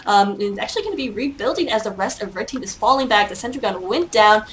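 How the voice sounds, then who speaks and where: A woman's voice: mid-range voice, lively intonation, fast, slight background noise. A woman giving solo play-by-play commentary on an online game match, chatty and self-mocking, with many hesitations and fillers. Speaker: esports caster.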